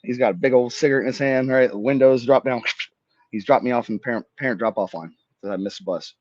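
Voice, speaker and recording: A man's voice: medium pitch, fast talker, dry recording. A man in his thirties from Florida, a veteran telling stories as a podcast guest, acting out dialogue and swearing freely. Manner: animated storyteller, swears, acts out dialogue. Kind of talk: casual storytelling interview. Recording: dry, slightly dull podcast mic.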